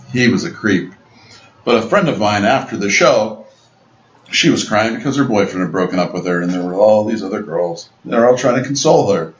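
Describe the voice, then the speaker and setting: A man co-hosting a comedy podcast, telling stories in a wry, laid-back way. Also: fairly low pitch. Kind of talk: casual comedic storytelling. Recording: echoey lo-fi room with faint hiss.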